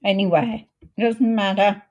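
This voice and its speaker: A woman hosting a card-making video, chatting in a homely way while she works, her voice a little croaky. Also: mid-range voice, steady tone, highs cut off. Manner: chatty, homely, unhurried, talks while working. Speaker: craft video host. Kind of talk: casual crafting demo chat.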